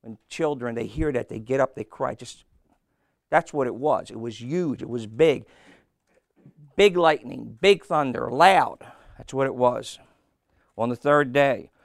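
A man's voice: mid-range voice, gravelly, dry recording, clean studio sound. A man preaching a sermon, asking his congregation questions and answering them himself. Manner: slow, call-and-response questions to the congregation.

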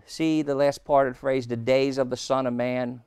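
A male preacher teaching a sermon, slow and emphatic, with sudden loud stresses on key words. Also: mid-range voice, fairly even intonation, clear, resonant tone, no echo, clean studio sound. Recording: old taped sermon.

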